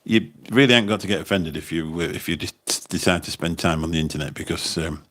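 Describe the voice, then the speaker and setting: A man with a very low, slightly bright voice talks a little fast into his phone, rambling and repeating himself. He's a taxi driver hosting a casual livestream, chatting away as he reads out comments.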